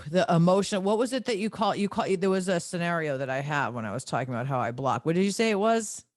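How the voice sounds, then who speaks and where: A man hosting a podcast interview, chatty and animated, often stumbling over his words. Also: high voice, fast talker. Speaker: podcast host.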